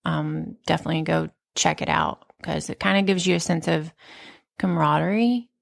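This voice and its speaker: A woman in her thirties hosting a podcast, telling stories in a candid, profane, animated casual chat. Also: low voice, moderate pace, creaky. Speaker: podcast host.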